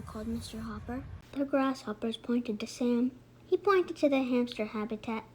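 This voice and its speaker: A woman's voice: fairly high pitch, normal speed, darkish tone, husky, poor audio. A woman reading a children's picture book aloud, with small slips, restarts and asides to the listener. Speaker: storybook reader.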